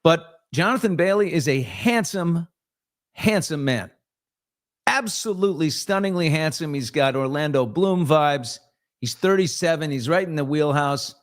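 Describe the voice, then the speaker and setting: A man's voice: on the high side, lively intonation, unhurried. A middle-aged man hosting a casual live morning talk show, blunt and sarcastic, now and then mimicking other voices. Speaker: host.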